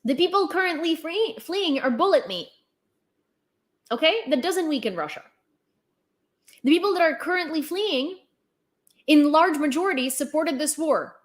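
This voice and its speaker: A young woman with a high voice talks straight to her viewers in live-stream commentary. She is blunt and sarcastic, openly condescending, and swears freely. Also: expressive, normal speed, pauses often. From Ukraine. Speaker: vlogger.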